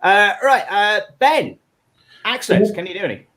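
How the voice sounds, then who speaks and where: Lively, bright-voiced man hosting a panel. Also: high voice, unhurried. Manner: teasing, self-mocking, repeats himself. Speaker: panel show host. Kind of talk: casual live online panel chat.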